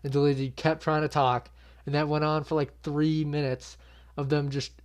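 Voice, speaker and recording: A man's voice: a little high, level tone, moderate pace. A young man hosting his own channel, giving a casual reaction recap with blunt, swearing, exasperated commentary. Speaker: MMA channel host.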